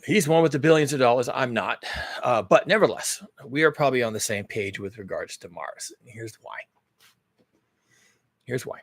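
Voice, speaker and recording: A man's voice: medium pitch, expressive, moderate pace, dry recording. A man hosting his own channel, talking through big questions in a rambling, emphatic monologue full of rhetorical questions. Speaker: host. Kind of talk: casual monologue.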